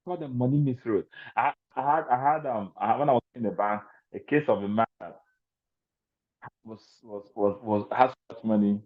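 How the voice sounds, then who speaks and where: A man's voice: mid-range voice, moderate pace. A man giving a motivational seminar talk to a large audience, speaking in an emphatic, repetitive, preacher-like cadence. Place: large event venue. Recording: tinny, phone-like sound.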